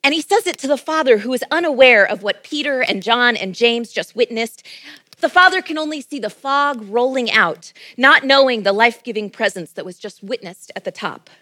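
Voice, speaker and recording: A woman's voice: a little high, expressive, normal speed, sharp tone, dry recording. A woman pastor giving a sermon and prayer in a playful, conversational preaching manner. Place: church.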